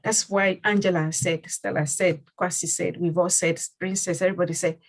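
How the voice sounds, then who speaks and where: A woman's voice: lowish voice, steady tone, moderate pace, poor audio. A woman who leads her community and hosts a panel discussion. She speaks earnestly and repeats phrases for emphasis. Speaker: community leader and host.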